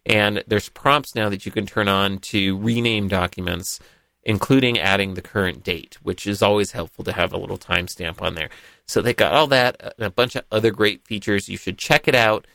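This podcast host has a lowish voice with vocal fry, talking at a normal speed on a recording with no echo. He chats casually with guests about tech and reads a sponsor spot in the same relaxed, conversational manner.

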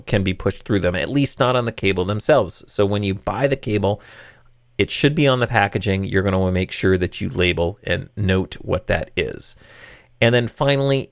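A man's voice: on the low side, no echo, studio quality. A man hosting a tech talk show, explaining cables conversationally with wry, sarcastic asides and frequent fillers.

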